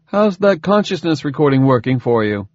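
A man voicing a calm, dryly mocking scientist father in an audiobook. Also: a little high, normal speed, dry recording, lo-fi sound, voice pushed up. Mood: sardonic calm. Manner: dry, smooth, faintly mocking.

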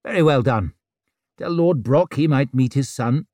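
A man doing a calm, neat surgeon. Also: medium pitch, no room sound, clean studio sound. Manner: calm and measured. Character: calm, neat male surgeon, matter-of-fact.

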